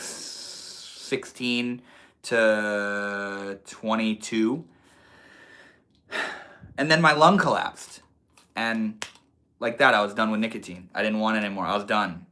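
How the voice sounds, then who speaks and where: Young dude streaming, bright voice, chill and slangy, cursing a lot while he answers chat. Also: fairly low pitch. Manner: laid-back, swears freely, slangy. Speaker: livestream host. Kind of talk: casual livestream chat reading comments.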